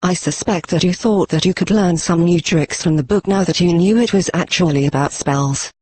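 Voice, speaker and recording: A text-to-speech male voice reading the lines of an earnest, patronizing female unicorn pony in a synthetic fanfic reading, speaking slowly as if to a child. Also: on the low side, darkish tone, slightly rough.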